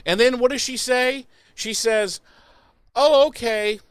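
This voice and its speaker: A man co-hosting a podcast in casual recap chat, profane and animated, often mocking characters. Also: very high-pitched, unhurried, clear, resonant tone, no echo. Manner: animated, profane, mocks characters in put-on voices. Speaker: podcast co-host.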